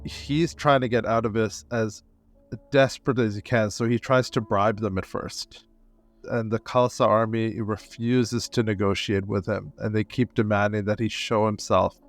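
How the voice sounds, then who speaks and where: A man's voice: fairly low pitch, fairly even intonation, normal speed, soft background music. A man, a guest historian on a podcast, recounting events in vivid, detailed storytelling with the odd filler.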